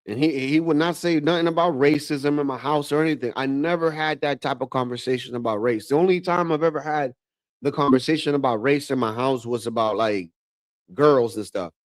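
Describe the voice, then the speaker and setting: A man's voice: medium pitch, a little fast. A man hosting a livestream, reacting in slangy, casual commentary and calling everyone bro. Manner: slangy, keeps saying bro, animated asides. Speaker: livestream host.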